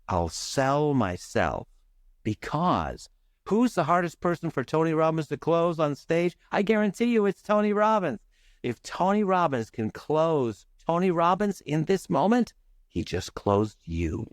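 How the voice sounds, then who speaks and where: Energetic man coaching with lively swings. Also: a little slow, no room sound, clean studio sound. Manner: energetic, playful, swings pitch and pace for emphasis. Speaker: charisma coach, guest. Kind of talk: animated podcast coaching talk.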